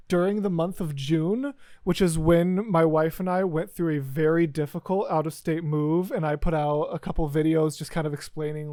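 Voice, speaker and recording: A man's voice: high voice, a little mellow, dry recording. Gushing man reacting to music. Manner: enthusiastic, gushing, repeats exclamations. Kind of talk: casual reaction commentary.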